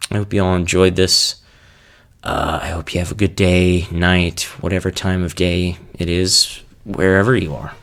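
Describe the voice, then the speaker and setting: A man's voice: deep voice, a bit bright. A man hosting a casual solo podcast, rambling in a laid-back, unsure way as he answers questions about his ASMR videos.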